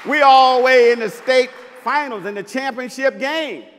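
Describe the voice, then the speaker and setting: High-voiced man, punchy stage talk. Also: a little slow, in a large hall, some chatter behind, slight background noise. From Mississippi, US. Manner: punchy and playful, bursts of loud emphasis. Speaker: basketball coach giving a talk. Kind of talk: live inspirational stage talk. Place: large festival venue with audience.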